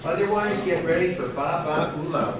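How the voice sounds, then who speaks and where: A woman's voice: sits low, lively intonation, heavy background noise. Woman music teacher talking to the kids and parents, voice swoops around a lot, heard from far off in a really echoey school room. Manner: encouraging, speaks to the class and audience in quick bursts with restarts. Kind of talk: leading a class recorder performance. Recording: very echoey, distant mic, music behind.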